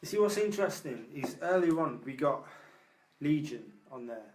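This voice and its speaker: A man's voice: a little high, lively intonation, normal speed. A man on a live ghost hunt, chatting and musing about what they hear. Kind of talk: live paranormal investigation. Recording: noisy ambience.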